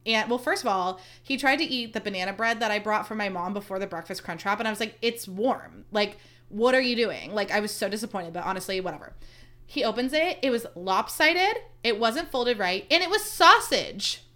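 A woman's voice: medium pitch, brisk, a bit bright. A woman hosting a podcast in casual solo chat, gushing and mock-dramatic, with lots of filler "like"s. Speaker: podcast host.

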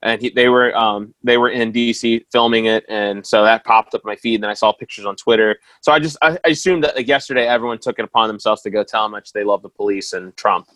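A man in casual talk among friends, recounting a news video with lively acted-out quotes. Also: on the low side, fast talker, few pauses, no room sound. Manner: animated storytelling, acts out quotes with shouts. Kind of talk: casual chat.

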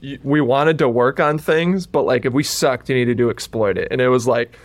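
Man, mid pitch, dry close mic, rambling laughing podcast co-host. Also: normal speed, no room sound. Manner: rambling, lots of "like", laughs often. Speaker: podcast co-host, former player. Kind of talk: casual storytelling chat.

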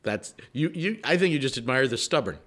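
A man's voice: mid-range voice, lively intonation, fairly quick, a bit bright, a little hiss or hum. A man co-hosting a casual chat, making dry, wry jokes.

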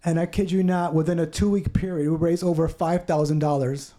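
A man shares his personal testimony on a podcast, earnest and heartfelt. His voice sits a little high but sounds very dark and mellow. He slips into the voices of others as he retells what they said. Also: fairly even intonation, fairly quick. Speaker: podcast guest.

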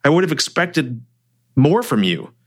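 A man's voice: a little high, sing-song, unhurried, pitched above the performer's own voice. A stressed male financial advisor with a tense, sarcastic edge, as a man reads him aloud. His voice rises and falls a lot as he pushes back. It is a storybook reading. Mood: hurt and bitter. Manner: tense, sarcastic under strain.

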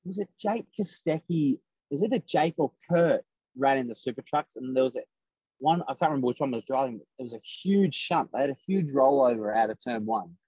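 A man's voice: mid-range voice, fairly quick, breathy edge, no room sound, dull audio. A man tells a racing story in casual podcast chat, acting out what others said. The sound is dry and close, with no room around it. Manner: animated storyteller acting out quotes. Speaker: race driver guest.

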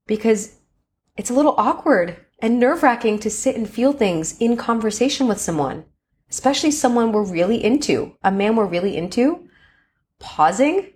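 A woman's voice: fairly high pitch, normal speed. A woman hosting a podcast, giving a coaching talk on communication and acting out little enthusiastic quotes along the way. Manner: expressive, acts out enthusiastic quotes. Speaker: podcast host. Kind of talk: coaching monologue.

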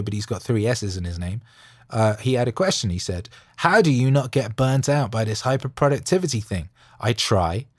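A man's voice: on the low side, a little mellow, slightly rough, no room sound. A man hosting his own podcast from a music studio late at night, rambling in a chatty, digressive way full of "you know" and "like". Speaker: music producer and podcast host. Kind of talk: casual rambling monologue.

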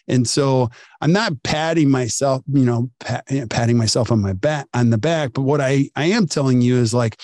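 A lively podcast host conducts a conversational interview, telling stories animatedly and acting out quotes. His mid-range voice moves at a moderate pace, and the recording is bone-dry.

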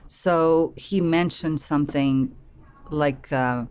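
Low-voiced Portuguese-accented woman. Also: normal speed. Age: middle-aged. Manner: animated storytelling, acts out her own past thoughts. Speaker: interview guest, life coach. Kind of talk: conversational interview.

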